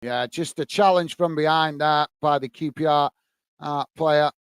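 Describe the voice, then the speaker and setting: His voice is fairly high, smooth and steady, unhurried, in a dry recording. This English host runs a live football watchalong, casually commentating the play and chatting to viewers as mate and guys.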